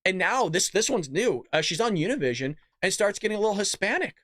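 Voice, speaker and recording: Male host for political commentary, mocking and sarcastic, animated pitch, dry close mic. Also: fast, dry recording. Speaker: show host.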